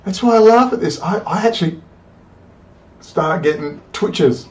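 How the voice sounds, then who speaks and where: Angry high-voiced man ranting. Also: lively intonation, unhurried, long pauses, low-quality recording. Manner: angry, profane, rambling rant. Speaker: commentary host. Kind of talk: ranting political commentary.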